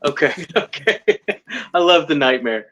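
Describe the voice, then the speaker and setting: A man's voice: fairly high pitch, expressive, moderate pace, a bit bright, highs cut off. A man hosting a podcast interview, asking questions in a friendly, easygoing way and laughing often. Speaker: podcast host.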